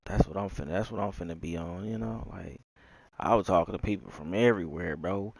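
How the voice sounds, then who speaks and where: A young man from Texas talks in a loose, slangy ramble, his Southern drawl rough with fry. His voice sits a little low and sounds close and dry, with no room around it. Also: a little fast, dry recording, rough recording. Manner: slangy, drawling, jumps between topics. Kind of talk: rambling casual monologue.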